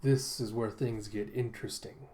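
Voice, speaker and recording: A man's voice: mid-range voice, fairly even intonation, normal speed, warm tone, lightly acted. A man doing a leering, taunting bounty hunter. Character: sneering villainous male bounty hunter.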